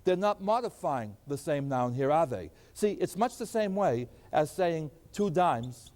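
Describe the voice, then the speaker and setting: A man's voice: on the high side, animated, a little slow, darkish tone, big-room sound. An older man teaching a math lecture at the board, asking questions and answering them himself.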